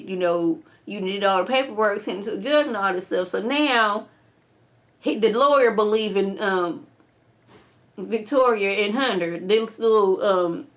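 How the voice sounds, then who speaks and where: A young woman casually recapping and reviewing a TV episode in an opinionated, slangy way. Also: medium pitch. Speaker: TV show reviewer.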